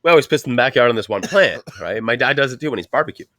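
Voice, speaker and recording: A stoned man from Canada in his twenties, rambling through a story with lots of swearing and loud put-on voices for the people he quotes. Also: medium pitch, expressive, very fast, no echo, studio quality. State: high on weed. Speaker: podcast co-host. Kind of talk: casual chat.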